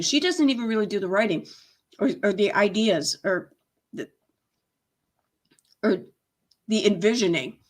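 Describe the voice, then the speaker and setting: A woman's voice: medium pitch, animated, a little slow, pauses often. Chatty sarcastic woman streamer. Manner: chatty, sarcastic, laughs often. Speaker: commentary channel host. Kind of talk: casual livestream commentary.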